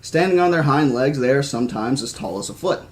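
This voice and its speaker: A friendly male scientist from a read-aloud novel explains things in a relaxed way, as a man voices him. The voice is easygoing and knowledgeable. The pitch sits in a middle range. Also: a little fast, close to an everyday voice. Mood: explaining. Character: friendly male American field biologist, knowledgeable.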